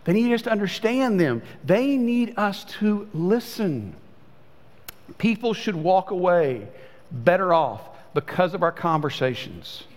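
A pastor preaching a sermon in a conversational way, his voice swinging between high and low. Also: sing-song, a little slow. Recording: long hall reverb.

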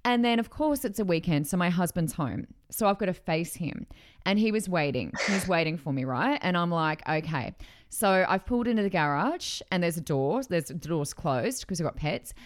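A middle-aged woman telling a story in a casual chat, animated, with many fillers and restarts. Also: on the low side, normal speed.

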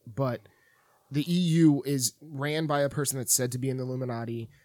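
A man's voice: mid-range voice, fairly even intonation, brisk, warm tone, no room sound. Guy laying out conspiracy stuff on a podcast, mid voice, super dry mic. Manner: explains conspiracy theories matter-of-factly. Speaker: podcast co-host. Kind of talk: casual podcast chat.

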